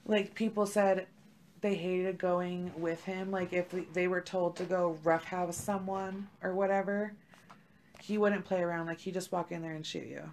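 A woman's voice: fairly low pitch, fairly even intonation, unhurried, darkish tone, slight background noise. Casual, profane young woman storyteller. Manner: profane, laid-back storytelling with lots of "like". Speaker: podcast co-host. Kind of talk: casual chat.

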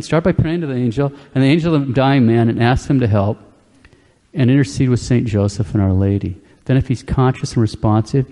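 A man preaching a sermon in a calm, plain-spoken way, checking in with his listeners with a quick "okay?" as he explains. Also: mid-range voice, in a large hall.

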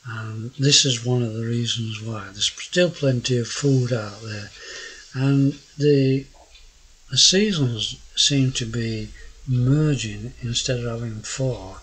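A man's voice: medium pitch, slow, fairly bright tone, low-quality recording. An older man with a South Yorkshire accent, narrating his nature vlog in a casual, rambling way, hesitant with frequent fillers and restarts. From South Yorkshire, England. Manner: gruff-sounding. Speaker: naturalist vlogger.

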